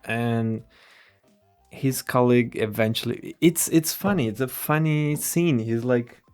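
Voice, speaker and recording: A man's voice: medium pitch, unhurried, darkish tone, clear, resonant tone, faint music behind. A man giving a rambling, irreverent movie review, swearing and restarting his sentences.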